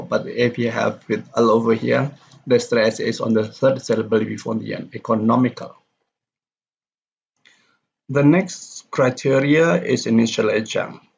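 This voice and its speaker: A man with a husky, darkish mid-range voice and some vocal fry gives a pronunciation lecture from slides. He steadily reads example sentences aloud and repeats them, captured on a dull lo-fi recording.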